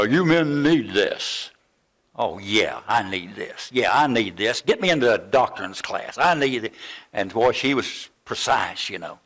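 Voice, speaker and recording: An older man preaching a sermon, telling a story from his student days and acting out the voices of the people in it. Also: medium pitch. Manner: animated storytelling, acts out quoted voices. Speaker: pastor.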